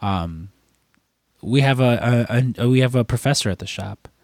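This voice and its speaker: In clean studio sound with no room noise, a man co-hosting a podcast speaks at a moderate pace in a mid-range, slightly mellow voice. Chatting casually, he rambles through a story and curses without restraint.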